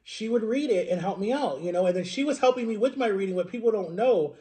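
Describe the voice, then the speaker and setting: A man's voice: high-pitched, animated, fast, warm tone. A man in his thirties, a vlogger telling his own life story in an earnest, rambling, emotional way, often checking in with "right?". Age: 30s. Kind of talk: personal storytelling to camera.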